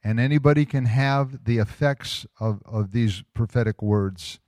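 A man giving a sermon as pastor, reading a prophetic word slowly and with emphasis, with casual asides in between. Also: mid-range voice, steady tone, darkish tone, dry recording, studio quality. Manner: conversational asides with fillers.

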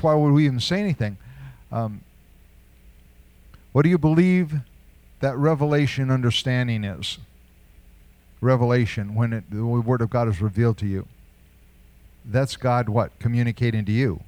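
A man's voice: mid-range voice, normal speed, long pauses, a little mellow, dry recording. An older man preaching a sermon in a conversational way, asking rhetorical questions and chuckling now and then. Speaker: pastor.

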